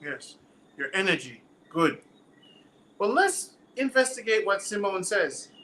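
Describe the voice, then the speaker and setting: A man's voice: high-pitched, big pitch swings, unhurried, sharp tone, a little hiss or hum, rough recording. A man with a Jamaican accent hosting a live stream, reading viewer comments aloud, laughing often and quizzing his viewers like a teacher. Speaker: livestream host.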